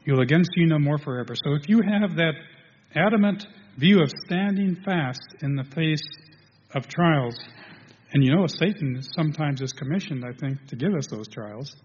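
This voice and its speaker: A man preaching a sermon to a congregation, halting, restarting, and filling pauses as he goes. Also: fairly high pitch, expressive, a little mellow, slight background noise. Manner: halting, with many restarts and fillers. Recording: dull lo-fi sound in a reverberant hall.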